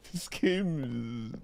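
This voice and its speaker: A streamer chatting casually on a live stream while gaming, with loud groaning outbursts and halting reading aloud. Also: mid-range voice, animated, creaky, background noise.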